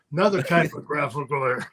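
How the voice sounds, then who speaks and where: A man's voice: on the high side, fairly quick, a bit bright. An older man, a former wrestler, telling rambling anecdotes in casual podcast chat, often chuckling. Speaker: guest storyteller, former wrestler.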